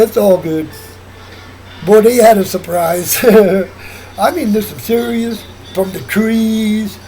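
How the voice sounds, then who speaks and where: A man's voice: sits high, gravelly, darkish tone, a little hiss or hum, low-quality recording. A man vlogging in a rambling casual monologue, often repeating himself and restarting sentences.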